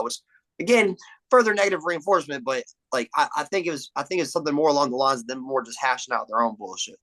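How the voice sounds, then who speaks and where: A man's voice: mid-range voice, quick pace, sharp tone, rough recording. A young man in casual podcast chat, swearing freely and acting out movie lines. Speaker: podcast guest.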